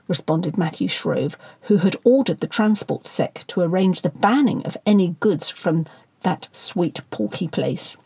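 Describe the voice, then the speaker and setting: Gravelly, husky woman narrating wryly. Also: lowish voice, unhurried, a little mellow, no echo. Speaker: audiobook narrator. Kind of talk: scripted narration of satirical fiction.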